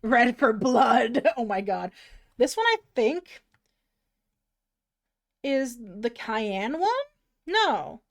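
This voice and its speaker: A woman with a high, light voice talks to her livestream audience in a loose, chatty way. She mocks herself and swears casually as she goes. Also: very animated, very slow, long pauses. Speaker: streamer.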